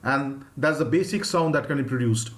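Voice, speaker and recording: A man with an Indian English accent, teaching a live phonics lesson and drawing out each sound slowly. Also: mid-range voice. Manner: slow, drawn-out demonstration of sounds, reading out viewers' names.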